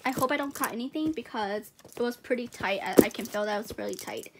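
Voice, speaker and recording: A woman's voice: fairly high pitch, quick pace, heavy background noise. A young woman gushing and giggling as she unboxes gifts in a casual vlog.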